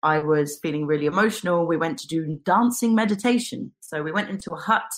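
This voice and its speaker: A young woman with a low-pitched voice tells a personal story as an interview guest. She talks in an animated way, often slipping into the voices of the people in her story. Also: brisk. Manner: animated, acts out quotes.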